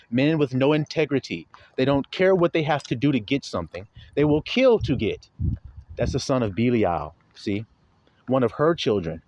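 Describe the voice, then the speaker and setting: A man teaching a Bible passage to his followers in an animated, mocking, sermon-style commentary. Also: medium pitch. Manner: animated, mocking, laughing often.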